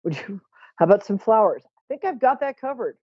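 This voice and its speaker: A woman's voice: a little high, big pitch swings, a little fast, no echo, highs cut off. A middle-aged woman hosting a live psychic call-in show, chatting in a self-mocking, joking way.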